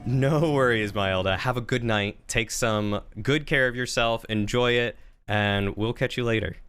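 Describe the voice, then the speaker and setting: A man's voice: medium pitch, unhurried, fairly bright tone, a little hiss or hum. A man streaming a game live, chatting casually and thinking aloud as he plays.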